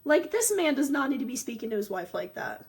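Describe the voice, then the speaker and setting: Animated woman chatting on a podcast. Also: on the high side, quick pace. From Irish family background. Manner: animated, acts out characters' lines in quotes. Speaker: podcast co-host. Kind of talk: casual film rewatch chat.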